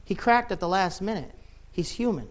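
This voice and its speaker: A man preaching a sermon with passion, rising to loud shouts and dropping to quiet, low lines. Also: animated, moderate pace. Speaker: pastor.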